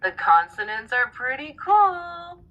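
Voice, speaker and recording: A woman's voice: high voice, sing-song, takes it slowly, highs cut off, voice pushed up, exaggerated voice. A woman voicing Slash, an upbeat, sociable male storybook character, speaking cheerfully.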